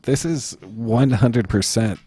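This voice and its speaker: A man's voice: lowish voice, takes it slowly, mellow, slightly rough. A man hosting a casual commentary video, talking bluntly and profanely with frequent restarts. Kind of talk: casual commentary over clips.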